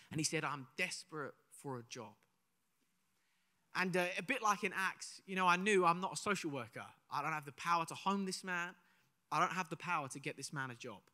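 Bright-voiced young male preacher in a hall. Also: fairly high pitch. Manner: conversational, storytelling, asks the audience questions. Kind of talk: sermon with personal story. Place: church hall, live service. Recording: live in a reverberant church hall.

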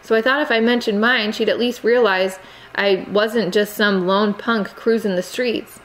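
A woman's voice: mid-range voice, fairly even intonation, moderate pace, slight background noise, lightly acted, rough recording. A woman voicing an earnest, frustrated American teenage boy who pleads insistently. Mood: pleading. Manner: insistent, exasperated, raises his voice.

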